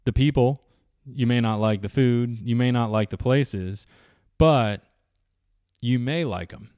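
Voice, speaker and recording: A man's voice: mid-range voice, measured pace, a little mellow, clean tone, no echo, studio quality. A man, telling rambling travel stories to camera in a casual, chatty way. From Southeastern United States. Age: 40s. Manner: rambling, chatty, with many restarts and fillers. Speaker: vlogger. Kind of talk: casual storytelling.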